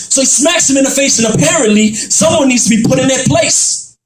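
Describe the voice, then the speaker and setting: A man performing dramatic spoken word poetry, rhyming and building up to shouts. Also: a little high, fairly quick. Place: church. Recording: echoey room, far from mic.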